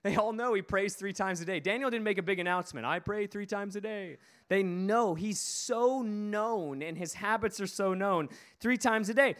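A man's voice: high-pitched, normal speed, few pauses, a bit bright, clean tone. A man preaching a sermon, retelling a story emphatically with repeated phrases.

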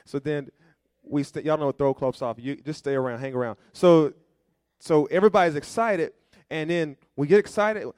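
A man's voice: medium pitch, lively intonation, fairly quick, darkish tone, smooth, no room sound, clean studio sound. A man pastor preaching a sermon, with call-and-response questions to the congregation and folksy, conversational storytelling.

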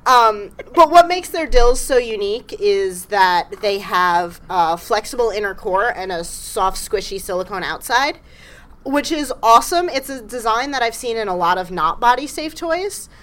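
A woman's voice: fairly high pitch, animated, a bit bright. Frank young woman chatting on a live podcast. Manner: frank, chatty, quick to laugh. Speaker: podcast co-host. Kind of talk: casual live podcast chat. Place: live event room.

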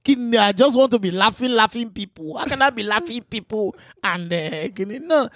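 A man's voice: sits high, animated, fairly bright tone, no echo, clean studio sound, pitched above the performer's own voice. A man putting on a preachy Yoruba uncle. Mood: lecturing. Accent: Yoruba-accented English. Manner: drawn-out "eh" fillers, mixes in Yoruba phrases, lecturing. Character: exaggerated Yoruba man giving advice, preachy, drawling.

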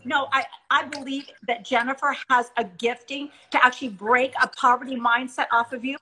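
A woman's voice: sits high, fairly even intonation, moderate pace, sharp tone, husky, low-quality recording. A middle-aged woman hosting a Christian talk show, speaking with eager encouragement and acting out stories. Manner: enthusiastic, encouraging, reenacts stories. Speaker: host.

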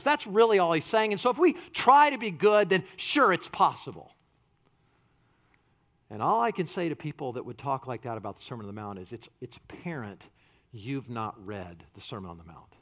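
A male pastor delivers a sermon in a high, very lively voice. He swings between loud, emphatic lines and hushed ones, acting out quotes as he goes. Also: normal speed.

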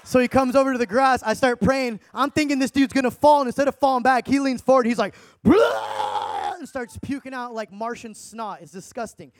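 A young man, an evangelist, excitedly telling testimony stories in slangy talk, laughing now and then. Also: very high-pitched, a little fast, hardly any pauses, dry recording, studio quality. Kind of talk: energetic testimony storytelling.

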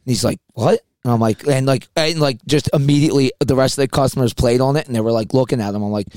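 A middle-aged man spinning loose bar anecdotes, breaking into laughter as he goes. His voice sits at an ordinary pitch and comes across close and dry, with no room sound. He backs up and restarts as he talks. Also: fast talker, a little mellow, no room sound. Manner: laughs through his own stories, rambling restarts. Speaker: podcast co-host. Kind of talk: casual storytelling chat.

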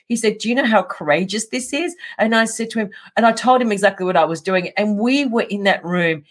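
A middle-aged woman in a casual interview, telling a story with lively energy, often laughing and acting out what people said. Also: mid-range voice, fairly quick. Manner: animated, laughs often, acts out quotes. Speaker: guest.

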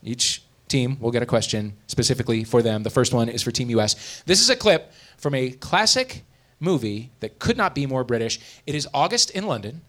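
A man hosting a live comedy quiz podcast, energetic and laughing, with an announcer-like delivery. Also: mid-range voice, fairly quick. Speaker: host.

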